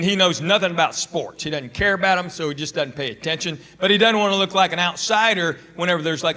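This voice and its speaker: Bright-voiced stand-up comedian, laid-back telling. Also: male voice, fairly high pitch. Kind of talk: stand-up storytelling.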